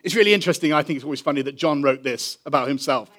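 A man with an English accent, a pastor telling a story in a sermon, animated and drawing out key phrases slowly for emphasis. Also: a little high. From England.

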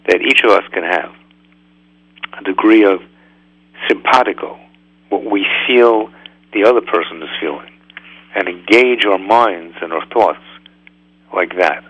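A man hosting a radio talk, teaching a religious lesson in a lively conversational way with many rhetorical questions. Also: sits low, dry recording, dull audio. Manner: animated, full of rhetorical questions.

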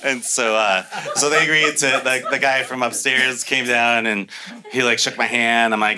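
A man's voice: mid-range voice, fairly even intonation, moderate pace, sharp tone, clear, resonant tone. A man as an interview guest, telling casual stories, laughing often and acting out the people he quotes. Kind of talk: casual storytelling.

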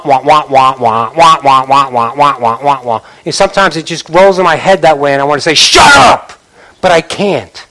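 A man preaching a sermon as pastor, animated, repeating words for emphasis and mimicking idle chatter. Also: high-pitched.

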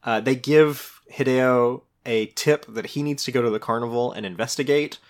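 Man, podcast co-host, casual review chat, rambling, enthusiastic, average pitch. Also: moderate pace. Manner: enthusiastic, rambling, laughs easily.

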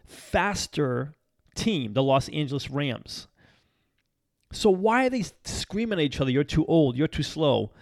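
A man from Massachusetts hosting a short daily motivational show, talking in an energetic, chatty way, often laughing and repeating phrases for emphasis. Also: fairly high pitch, dry recording, clean studio sound. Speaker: podcast host. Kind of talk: motivational talk show monologue.

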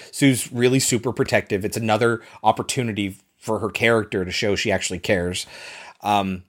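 A man's voice: on the low side, steady tone, a little fast. A man co-hosting a podcast, talking casually and enthusiastically about a film, swearing freely and acting out quotes. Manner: enthusiastic, profane, acts out quotes. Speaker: podcast co-host.

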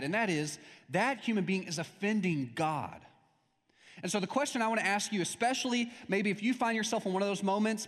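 A young man delivers a sermon in an easy, conversational way, dropping into stories as he goes. His voice sits a little high for a man. A long hall reverb trails behind every phrase. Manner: conversational preaching with anecdotes and acted-out quotes. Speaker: pastor.

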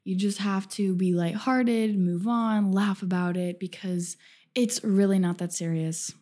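A podcast co-host in easygoing chat. Her voice is mellow and a little husky. She talks loosely and mocks herself, with plenty of "like" along the way. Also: mid-range voice, steady tone, a little slow. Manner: laid-back, self-mocking, heavy use of "like". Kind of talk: casual chat.

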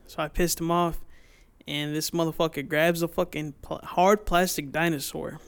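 A young man in a casual podcast chat, telling a profane, animated story about himself. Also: on the high side, moderate pace, smooth. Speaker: podcast guest.

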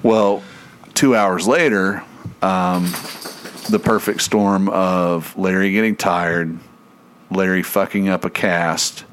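A man's voice: low voice, slow, slight background noise. A man telling a story in casual chat, swearing freely and laughing as he goes. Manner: profane, animated, laughs through his own story.

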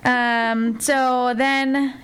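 A young woman recounts a TV episode to friends in a loose, rambling chat. Her voice sits a bit high, and she scatters "like" through every sentence. She keeps slipping into quick impressions of the characters. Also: little pitch movement, a bit bright, clear, resonant tone. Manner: rambling, frequent "like" fillers, acts out lines in character voices. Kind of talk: casual chat recapping a TV episode.

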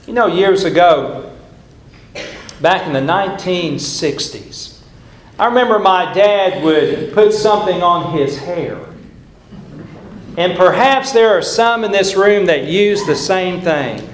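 An older male preacher delivers an earnest, emphatic sermon, leaning on repeated phrases. His voice sits high and moves at a slow, deliberate pace. The sound rings in an echoey church sanctuary. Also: expressive.

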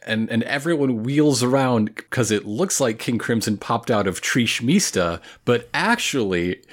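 A man co-hosting a casual anime recap podcast, with a mid-pitched, ordinary voice. He laughs a lot and often restarts his sentences with stammered fillers. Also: animated, a little slow. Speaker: podcast co-host.

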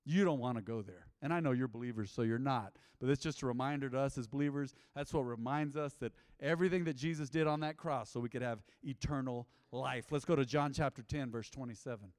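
A man's voice: medium pitch, brisk, few pauses, a little mellow, in a large hall. A man preaching a sermon as a pastor, emphatic and full of rhetorical questions.

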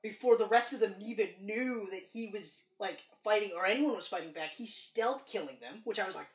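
Casual male podcast co-host, animated and profane, recorded in an echoey room. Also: sits high, brisk. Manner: animated, swearing, excited retelling. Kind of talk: casual movie chat.

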